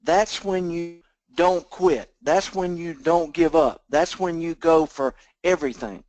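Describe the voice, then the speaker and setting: High-voiced man giving a motivational pep talk. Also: measured pace, darkish tone, rough recording. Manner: preachy, repetitive, folksy motivational delivery. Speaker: team leader on a sales call. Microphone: phone or conference call line.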